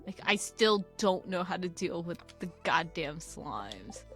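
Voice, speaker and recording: A woman's voice: on the low side, big pitch swings, slow, fairly bright tone. Chatty, sweary woman gaming streamer. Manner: rambling, sweary, self-mocking asides. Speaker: gaming channel host. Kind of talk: casual let's-play commentary. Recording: faint game music behind.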